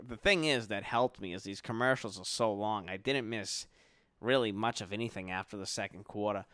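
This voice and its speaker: A man's voice: lowish voice, clear, resonant tone, no room sound, studio quality. Tired, tipsy man ranting about sports. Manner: profane, rambling, yawning. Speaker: podcast host. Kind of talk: late-night sports rant. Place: his bedroom at night.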